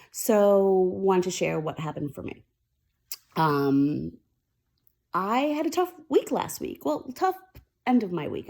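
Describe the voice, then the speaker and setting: This woman's voice is fairly low and a little mellow as she leads her weekly mindfulness talk. Addressing the camera in a casual, heartfelt way, she confides in viewers and talks openly and candidly about feelings.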